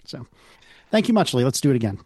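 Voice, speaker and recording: A man co-hosting a podcast, chatting casually and reading listener mail in a quick, self-deprecating way. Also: mid-range voice, big pitch swings, darkish tone, slightly rough, no echo, clean studio sound. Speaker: podcast co-host.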